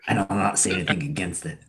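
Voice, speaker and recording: Easygoing low-voiced young man. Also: a bit bright, slight background noise. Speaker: player. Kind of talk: playing a tabletop game.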